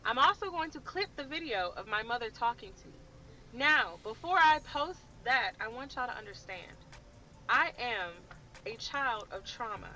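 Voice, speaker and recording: A woman's voice: a little high, lively intonation, normal speed, bright, forceful tone, faint music behind, poor audio. A woman in her late twenties from the Washington DC area, telling a personal story to camera in an emphatic, impassioned way. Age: late 20s.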